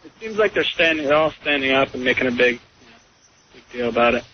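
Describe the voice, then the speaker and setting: A man's voice: mid-range voice, expressive, fast talker, a little hiss or hum. A man calling into a talk radio show, chatting in an offhand, laid-back way. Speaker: caller. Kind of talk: phoned-in radio call. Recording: muffled radio broadcast.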